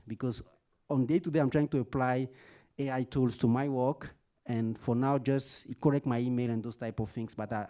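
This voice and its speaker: Halting man with a dark voice. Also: medium pitch. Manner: halting, many fillers and restarts. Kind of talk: panel discussion.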